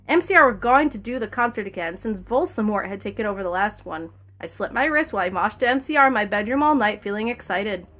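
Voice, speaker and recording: A woman's voice: medium pitch, expressive, fast, fairly bright tone. A woman streamer reading a fanfic aloud, breaking into laughter and wry asides between lines.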